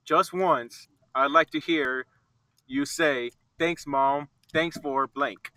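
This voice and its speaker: A man's voice: a little high, takes it slowly, a little hiss or hum. A young man playing a party card game outdoors, teasing and bossing his friends around. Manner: bossy, teasing, lively. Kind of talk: casual chat over a party card game. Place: outdoors in a public spot.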